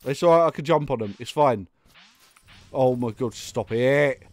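A young man talks his way through a video game on a close microphone, the sound dry with no room around it. His voice sits at a middle pitch, and he swings between muttering to himself and exasperated outbursts at the game. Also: normal speed, a little mellow, no echo. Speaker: gaming YouTuber. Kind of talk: let's play commentary.

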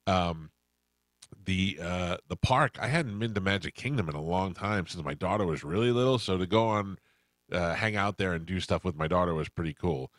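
A middle-aged man hosts a radio show, rambling through a story and playing every person in it. His voice sits very low. The studio sound is dry and close. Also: moderate pace, a bit bright, dry recording. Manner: rambling anecdotes, acts out quoted voices. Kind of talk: casual storytelling chat.

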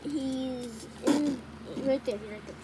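A woman's voice: high voice, takes it slowly. A woman chatting casually on camera as she shows off a paper craft collection, playful and teasing. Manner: playful, teasing, bursts into silly voices. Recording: noisy home recording.

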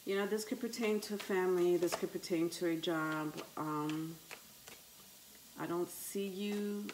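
A woman with a low voice and a slow, unhurried pace gives a tarot reading to her viewers. She hesitates often, filling gaps with ums, and calls her listeners "my love". A faint noise sits behind her voice. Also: fairly even intonation. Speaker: tarot reader.

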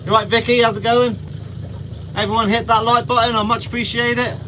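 A man's voice: very high voice, little pitch movement, fairly quick, pushed and bright, slight background noise. A man hosting a fishing livestream, chatting casually with viewers outdoors on a small boat. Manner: chatty, reads out viewer comments, friendly slang. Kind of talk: casual live-stream chat with viewers. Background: boat engine and water.

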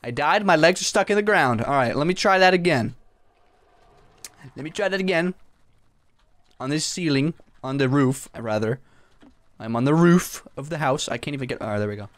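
Young male gaming commentator, lively and high-pitched, prone to panicked yelps. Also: moderate pace, pauses often, no echo. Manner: excitable, panicky yelps and shouts. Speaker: gaming YouTuber. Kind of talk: sandbox game commentary.

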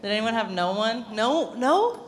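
A woman's voice: fairly high pitch, big pitch swings, measured pace, slight background noise. A young adult woman preaching a conversational sermon in a church, chatty and self-deprecating, laughing often. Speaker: pastor. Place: church sanctuary.

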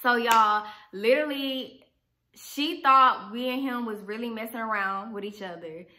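A young woman vlogger telling a storytime tale in animated, slangy, profane talk. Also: a little high, slight background noise. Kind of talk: storytime vlog.

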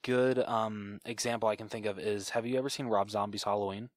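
Man, podcast co-host, lowish voice, dry close mic, rambling with fillers. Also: fairly even intonation, a little fast, no room sound. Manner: rambling, many fillers and restarts. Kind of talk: casual film review chat.

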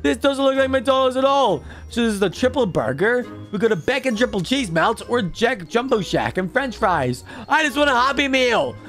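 A man voicing an excitable, cheeky baby boy in game commentary, squealing and talking straight to viewers. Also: extremely high pitch, normal speed, few pauses, faint music behind, exaggerated voice. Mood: whiny. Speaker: gaming YouTuber.

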